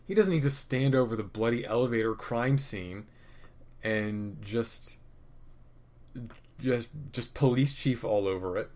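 A man casually recapping a TV episode, opinionated and profane, rambling with restarts and swinging between loud rants and muttered asides. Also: mid-range voice, measured pace, pauses often. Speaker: podcast host reviewing a TV episode.

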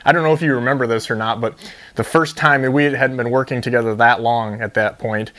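A man from Ohio who hosts a fishing show, telling long, animated stories in casual chat with lots of fillers. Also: medium pitch, fairly quick. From Ohio, USA. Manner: rambling storyteller, animated with many fillers.

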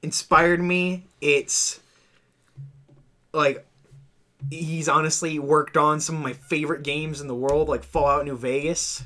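A man co-hosting a casual podcast chat, blunt and quick to laugh. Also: on the high side, fairly even intonation, pushed and bright. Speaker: podcast co-host.

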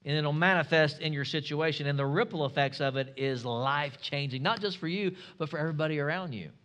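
Preacher guy, sermon voice, bright and punchy, kinda high, keeps firing questions at the crowd. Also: quick pace, smooth. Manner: emphatic, rhetorical questions to the congregation. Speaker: pastor.

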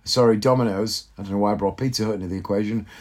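A man's voice: on the low side, fairly even intonation, racing, a little mellow. A man, likely in his thirties, telling a rambling, self-mocking comic story on his podcast and swearing casually. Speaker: podcast host. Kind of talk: casual comedic monologue.

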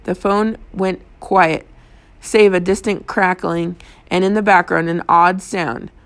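A woman narrating a novel aloud in the first person, with plain, steady storytelling. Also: on the low side, slow pace. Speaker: audiobook reader.

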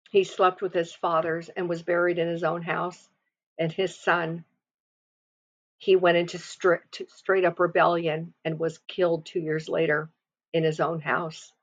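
A woman preaching a sermon, explaining scripture with emphatic, swelling delivery. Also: lowish voice. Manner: emphatic, rising and falling for emphasis. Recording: slightly dull lo-fi sound.

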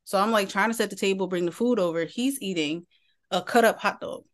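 A woman co-hosting a podcast tells a family story in casual conversation, her medium-pitched voice brisk. She's an animated storyteller who laughs partway through her sentences.

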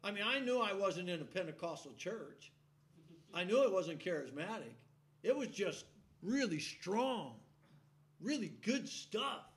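A male preacher giving a sermon in a folksy, animated storytelling way, often laughing as he acts out a shouting congregation. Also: sits high, measured pace.

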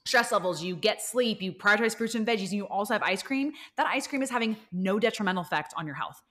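A woman's voice: medium pitch, animated, fast talker, fairly bright tone. A young woman co-hosting a fitness podcast in casual chat, explaining points to her co-host in an upbeat way.

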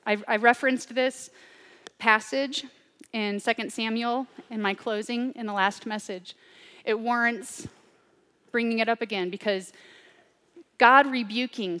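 A woman preaching a sermon, swinging between loud, urgent declarations and hushed, near-whispered asides. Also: fairly high pitch, long reverb tail.

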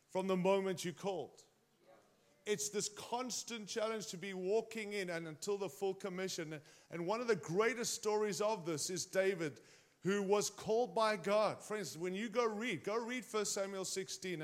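A man preaching a sermon in a conversational way, often turning to the congregation with direct questions. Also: high-pitched.

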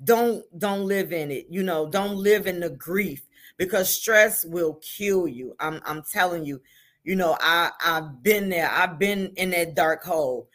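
A woman's voice: lowish voice, measured pace, fairly bright tone. An older woman, a grandmother, talking earnestly as a guest on a talk show, often repeating words as she makes her point. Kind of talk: casual chat.

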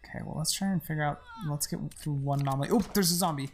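A woman's voice: low voice, very fast. A woman giving chatty, exasperated, joking commentary while playing a co-op game. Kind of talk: casual co-op gameplay commentary.

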